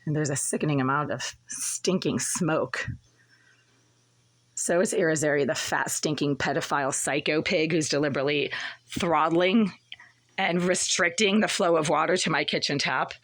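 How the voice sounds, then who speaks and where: Husky woman ranting angrily. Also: low-pitched, moderate pace, a bit bright, poor audio. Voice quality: husky, smoker-like. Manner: agitated, accusatory rant. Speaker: vlogger. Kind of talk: angry complaint vlog. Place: apartment kitchen.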